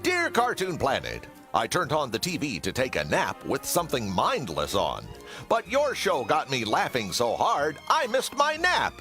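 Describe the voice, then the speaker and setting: A pompous cartoon superhero host. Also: male voice, mid-range voice, huge pitch swings, measured pace, pushed and bright, soft background music, heavily acted. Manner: pompous, self-important, theatrical. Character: pompous, vain superhero talk-show host. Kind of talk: TV cartoon voice acting.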